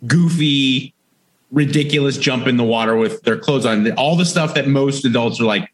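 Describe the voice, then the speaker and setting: A man's voice: mid-range voice, normal speed. A man co-hosting a casual chat, goofy, playful and jokey. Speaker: podcast co-host.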